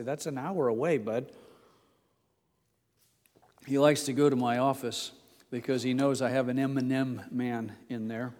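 An older male pastor giving a folksy sermon, reading scripture slowly and telling stories with many pauses and fillers. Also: mid-range voice, a little mellow, in a large hall. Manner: slow, deliberate scripture reading.

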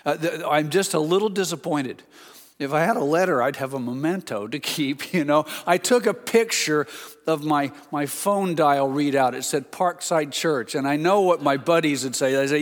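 A pastor telling a chatty, excitable story during a sermon. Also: male voice, a little high, moderate pace, long reverb tail.

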